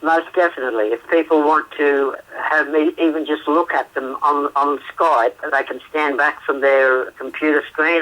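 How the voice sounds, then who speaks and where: A man from Australia with an Australian accent, talking as a guest therapist in a phone interview, chatty, laughing often and filling pauses with "uh" and "um". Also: mid-range voice, sharp tone. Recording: radio show phone line.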